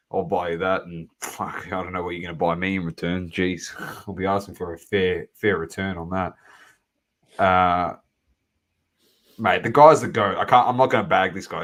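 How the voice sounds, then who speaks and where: A man's voice: deep voice, a bit bright. An Australian man co-hosting a sports podcast, chatting casually in blunt, sweary slang. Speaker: podcast co-host.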